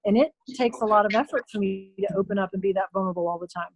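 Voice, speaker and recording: A woman guest speaks earnestly on a talk show, working through her thoughts with a few fillers. Her voice sits at a medium pitch. The sound is dry, with no room echo. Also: very fast. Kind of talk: casual talk show chat.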